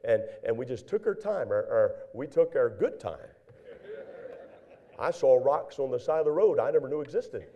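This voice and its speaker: An older man preaching a sermon, telling folksy stories in an animated way, with many fillers and acted-out dialogue. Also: mid-range voice, moderate pace, dull audio. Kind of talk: sermon with storytelling.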